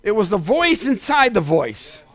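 A man preaching a sermon as pastor, climbing into shouted peaks and then dropping into quick asides. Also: high voice, very animated.

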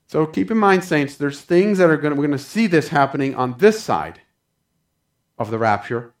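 A man's voice: a little high, expressive, normal speed. A man preaching a sermon, telling stories fervently and calling his listeners saints. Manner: fervent, addresses congregation as saints. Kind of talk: sermon storytelling.

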